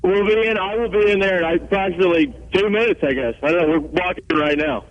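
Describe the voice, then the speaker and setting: A man's voice: high voice, fast. A man on a phone call doing an impression of a famous actor, rambling and mumbling. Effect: phone line. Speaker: prank caller.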